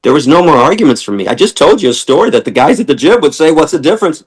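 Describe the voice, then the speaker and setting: A man's voice: fairly high pitch, very animated, racing, husky, low-quality recording. Man from Michigan, podcast guest; blunt, profane, ranting delivery with mocking put-on quotes. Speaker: guest, animal rights lecturer. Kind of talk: impassioned podcast interview.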